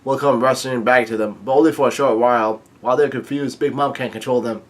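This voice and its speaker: A man reading out the lines of a young woman who turns snappish, in a flat, plain way. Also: mid-range voice, fast talker, close to an everyday voice. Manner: reads lines aloud flatly. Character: young woman pirate, sweet then snappish.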